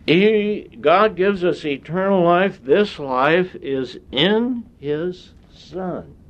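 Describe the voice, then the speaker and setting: A man preaching a sermon in a slow, deliberate way, with long pauses between phrases. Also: high-pitched, animated. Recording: dull lo-fi sound.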